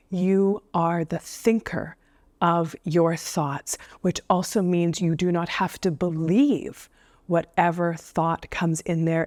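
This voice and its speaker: A woman counsellor giving casual advice straight to camera, playful, with joking asides and slower stresses on key points. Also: lowish voice, darkish tone, dry recording, studio quality.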